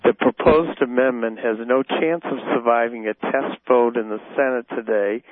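A man calling in to a radio show, speaking haltingly with many pauses and restarts. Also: medium pitch, steady tone, dry recording. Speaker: caller. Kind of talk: phone-in call. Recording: tinny phone line.

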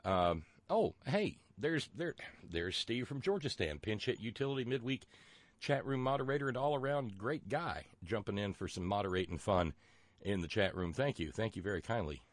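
Folksy low-voiced Southern radio host. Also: male voice, lively intonation, normal speed, no echo. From West Virginia. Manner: folksy, rambling, with many fillers and restarts. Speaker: radio talk show host. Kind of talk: casual radio talk.

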